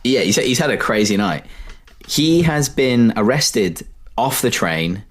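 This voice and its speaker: A man's voice: mid-range voice, measured pace. A man co-hosting a podcast, animatedly retelling film scenes in casual chat. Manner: animated retelling, acts out movie lines. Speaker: podcast co-host.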